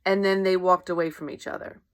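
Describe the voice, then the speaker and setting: This life coach speaks fairly quickly in a lowish, steady, clear voice with a resonant tone. Her motivational talk is casual and conversational, peppered with "right?" check-ins and acted-out everyday conversations.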